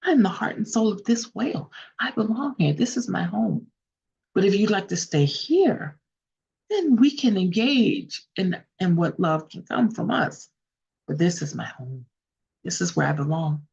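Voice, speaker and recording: A woman storyteller voicing a serene female spirit, the heart of a whale, speaking calmly and gently. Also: medium pitch, a little slow, gravelly, slightly rough, lo-fi sound, exaggerated voice.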